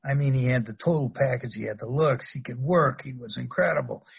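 Husky older man telling stories. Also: mid-range voice, brisk, dull audio. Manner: rambling, anecdotal, laughs through stories. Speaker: guest, former wrestler. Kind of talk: casual storytelling interview.

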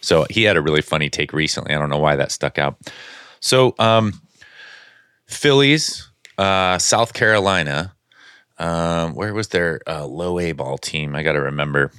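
Very deep, smooth-voiced man. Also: animated, moderate pace, pushed and bright, no room sound, clean studio sound. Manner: rambling storyteller, searches for words. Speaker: former professional baseball pitcher. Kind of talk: casual podcast chat.

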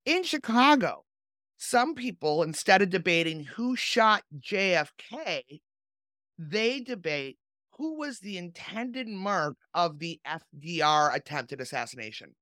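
A woman's voice: on the low side, sing-song, a little slow, fairly bright tone, dry recording, studio quality. A woman hosting a podcast, reading sources aloud and chatting in a sardonic, storytelling way. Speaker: podcast host.

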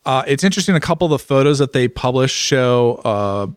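A man's voice: mid-range voice, animated, brisk, smooth, no room sound. Casual man chatting, dry close sound. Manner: rambling, repeats words when starting sentences. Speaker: podcast co-host. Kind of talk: casual motorcycle chat.

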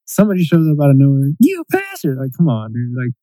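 A man in casual chat, ranting in an animated, profane way and mimicking quotes in a raised voice. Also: mid-range voice, very fast, no room sound, poor audio.

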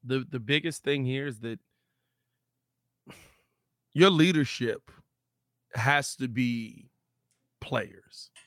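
A man co-hosting a casual sports podcast, talking in animated, emphatic riffs. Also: medium pitch, no room sound, clean studio sound. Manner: animated, emphatic riffing with dramatic pauses.

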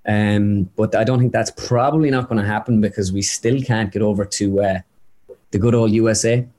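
A man's voice: on the low side, fairly even intonation, dark tone, slight background noise. Chatty young man telling stories. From Ireland. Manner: chatty anecdotal storyteller, quick with asides. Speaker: guest, impressionist. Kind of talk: casual interview chat.

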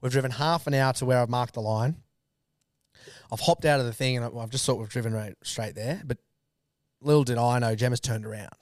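A young Australian man in his twenties, a guest on a podcast, telling rambling stories with quick laughs and loud shouted bits. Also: mid-range voice, no room sound, studio quality. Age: 20s. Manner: rambling, laughing mid-sentence, acts out his own shouts. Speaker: guest runner. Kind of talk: casual storytelling.

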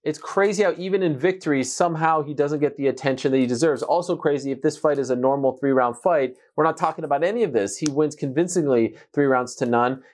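A man's voice: fairly high pitch, fast, hardly any pauses, darkish tone. A man co-hosting a fight talk show over a video call from a spare bedroom, laughing easily but steering the talk back to analysis.

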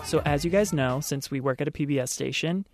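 A man's voice: fairly high pitch, brisk, over loud music. A man from Baltimore co-hosting a casual podcast chat, emphatic and self-deprecating. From Baltimore, USA. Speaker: podcast co-host.

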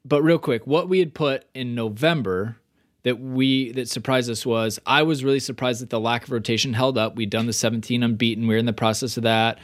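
A man hosting a casual podcast, talking energetically with fillers and quick restarts. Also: mid-range voice, steady tone, no echo, clean studio sound. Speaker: podcast host. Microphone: remote call microphone.

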